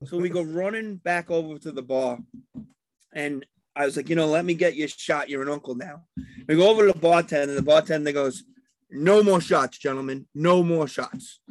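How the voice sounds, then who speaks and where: A man's voice: fairly high pitch, brisk, dry recording. Man rambling through a story in a dry room. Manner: rambling storyteller acting out quotes. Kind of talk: casual reminiscing chat.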